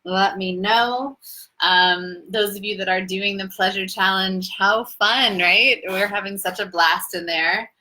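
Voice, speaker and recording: A woman's voice: mid-range voice, steady tone, a little slow, bright, forceful tone, rough recording. A young adult woman hosting a live Q&A as a coach, talking in an effusive, spiritual way and laughing easily. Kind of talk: casual live-stream talk.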